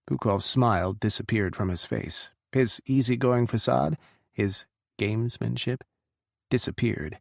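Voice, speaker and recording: A man reading an audiobook as narrator in a steady, even storytelling manner. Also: medium pitch, measured pace, vocal fry, no echo, clean studio sound. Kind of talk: scripted narration.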